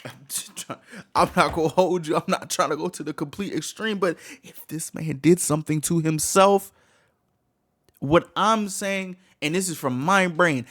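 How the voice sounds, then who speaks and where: A man hosting a reaction video, ranting in heated, incredulous, profane commentary full of rhetorical questions. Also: high voice.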